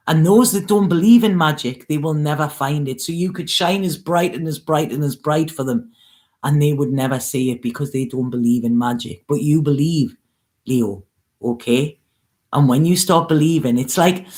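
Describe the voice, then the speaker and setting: A woman's voice: deep voice, darkish tone. A woman tarot reader giving an emotional, earnest spiritual reading, coaxing her listeners and often checking in with "okay?". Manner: earnest, coaxing, with frequent "okay?" and "you know". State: near tears, emotional. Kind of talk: spiritual reading, casual monologue.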